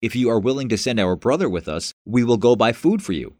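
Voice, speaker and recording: A man's voice: medium pitch, expressive, brisk, a little mellow, dry recording, natural voice. A man reading the part of an earnest younger man who reasons with his family, in a Bible story reading.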